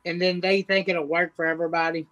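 A man's voice: fairly high pitch, flat delivery, fast talker, pushed and bright, lo-fi sound. A man chatting casually as a co-host. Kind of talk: casual chat.

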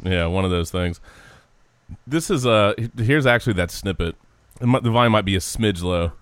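A man's voice: on the low side, expressive, moderate pace, a little hiss or hum. A man hosting a casual sports podcast, laughing often and calling his cohost dude and man.

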